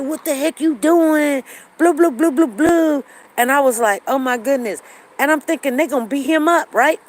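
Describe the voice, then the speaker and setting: A woman's voice: medium pitch, rough recording. Woman host, forties, storytelling to the audience, repeats lines, faint road noise. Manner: conversational, repeats herself, acts out quoted lines. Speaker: show host. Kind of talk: casual storytelling to viewers.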